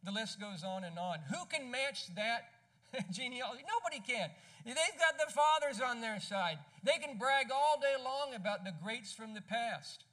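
A man with a notably high voice preaches a sermon, pressing each point home with emphasis. He keeps it conversational and throws rhetorical questions at the congregation as he goes. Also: expressive, moderate pace, pushed and bright. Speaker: pastor.

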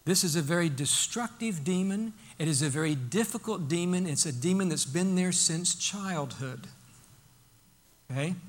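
A man preaching a sermon, emphatic, acting out Bible quotes and dropping to a hush for his points. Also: on the high side, lively intonation, moderate pace. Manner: emphatic, swings from loud to hushed, acts out Bible quotes.

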